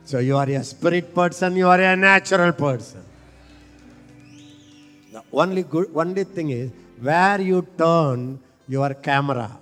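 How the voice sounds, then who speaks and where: A man preaching with fervor, his voice sitting a touch high for a man. He draws out his phrases slowly and calls on the listeners to repeat after him. Soft music hums faintly underneath. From India. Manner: impassioned, leads call-and-response with slow, stretched phrases. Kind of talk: sermon.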